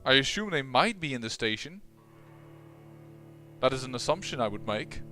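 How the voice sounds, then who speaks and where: A man's voice: medium pitch, animated, normal speed, bright, forceful tone. A man hosting a let's play, chatting through his gameplay with wry, self-mocking remarks. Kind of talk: gameplay commentary. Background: faint game music.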